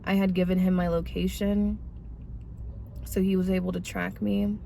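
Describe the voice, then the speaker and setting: A woman in her twenties tells her testimony in a loose, casual storytelling voice. She talks right to her viewers with slang and an animated, chatty delivery at a middle pitch. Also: normal speed, vocal fry, slight background noise. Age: 20s. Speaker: vlogger sharing her testimony.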